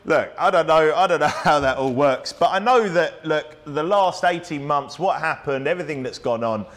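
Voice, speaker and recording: A man preaching a sermon, his voice sitting a little high for a man. He keeps it conversational yet emphatic and keeps asking rhetorical questions. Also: normal speed, a bit bright.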